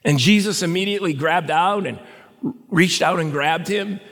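A man's voice: on the high side, normal speed, a bit bright. A male pastor preaching a sermon in a conversational way with stammered restarts, recorded in a reverberant hall.

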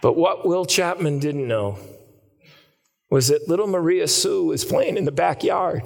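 A man preaching a sermon, telling a story dramatically and swinging between hushed and raised passages. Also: a little high, animated, unhurried, vocal fry, husky, in a large hall.

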